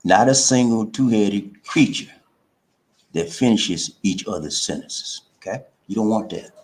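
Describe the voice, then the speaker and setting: A man's voice: on the low side, animated, a little slow, darkish tone. A man, hosting a relationship advice livestream, preachy and playful, with rhyming chants and a repeated "okay?" after each point. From South Carolina. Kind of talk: casual livestream talk. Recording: echoey room.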